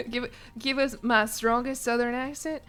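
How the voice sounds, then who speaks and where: A woman's voice: on the high side, unhurried, fairly bright tone, soft background music. Chatty young woman streaming from home. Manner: chatty, laughs often, swears casually. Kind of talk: casual chat with stream chat. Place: home apartment.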